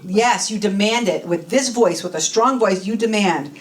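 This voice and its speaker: A woman's voice: fairly low pitch, moderate pace, close to an everyday voice. A woman voicing a firm, insistent spiritual coach in her talk, close to her own voice. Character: insistent female spiritual coach, middle-aged. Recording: voice from a distance from the mic.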